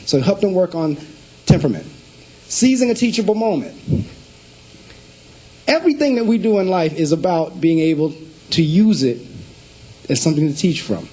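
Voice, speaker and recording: A middle-aged man speaks as a school principal giving a presentation to district staff. His voice sits a little high but sounds warm and mellow, with a husky edge. He tells stories with emphatic, preacher-like delivery and acts out the conversations. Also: animated, normal speed, pauses often, low-quality recording. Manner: storytelling speaker acting out phone calls.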